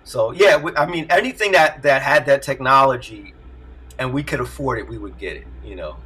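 A middle-aged man, a music producer, telling stories in an animated way and laughing often during a casual interview over a video call. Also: medium pitch, a little fast, breathy edge, poor audio. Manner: animated storyteller, laughs often, acts out voices.

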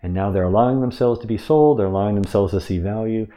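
A man with a lowish, mellow voice walks through a sales method in a relaxed teaching monologue. He talks conversationally, restarting phrases and checking in with the listener as he goes. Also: quick pace. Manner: conversational, with frequent restarts and rhetorical "right?". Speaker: sales coach.

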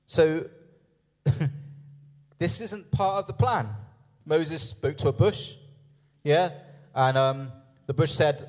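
A man's voice: fairly high pitch, takes it slowly, long pauses. A man preaching a sermon in a conversational way, with humorous asides and frequent "yeah?" and "okay?" check-ins. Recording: long hall reverb.

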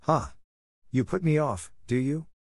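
A man's voice: on the high side, measured pace, dry recording, voice pushed up. A towering, bad-tempered old doctor voiced by a man snarls his warnings in a storybook reading. His threats come out raised and harsh, recorded dry and close. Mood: threatening. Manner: blustering, threatening. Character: huge fierce old country doctor, menacing.

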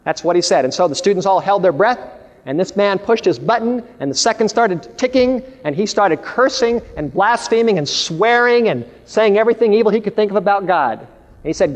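A man's voice: high-pitched, animated, fairly quick, in a large hall, dull audio. A man preaching a sermon, telling stories and declaiming with emphasis.

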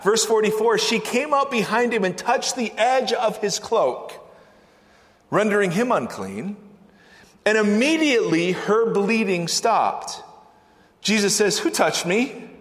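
A man preaching a sermon as pastor, animated, acting out the voices in the scripture he reads. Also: high-pitched. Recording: long hall reverb.

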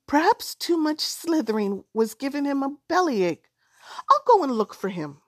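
A woman's voice: high-pitched, sing-song, normal speed, no room sound, studio quality, pitched above the performer's own voice. A woman voicing a playful, sly young male snake who coaxes his friend in a spoken storybook tale. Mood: coaxing. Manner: coaxing, wheedling.

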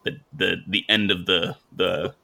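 A man's voice: sits low, fairly even intonation, measured pace, vocal fry, bright, forceful tone. A man co-hosting a casual sports podcast, making dry, wry remarks. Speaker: podcast co-host.

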